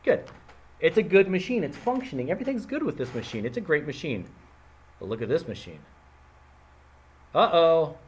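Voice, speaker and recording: A man teaching a math lesson, explaining with playful everyday analogies in an animated, casual way, talking straight to his students. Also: a little high, normal speed, pauses often, slight background noise.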